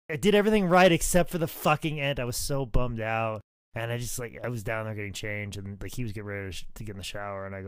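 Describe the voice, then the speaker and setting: A man's voice: lowish voice, fast talker, clean tone, dry recording. A man telling a wrestling story in casual podcast chat, swearing freely and filling his talk with "like". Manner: profane, animated, lots of "like" fillers.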